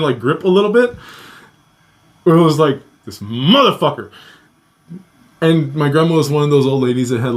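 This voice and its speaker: Man telling a story, swearing freely. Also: medium pitch. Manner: swears freely, acts out quoted voices, laughs between lines. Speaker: podcast guest telling a personal story. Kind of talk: casual storytelling.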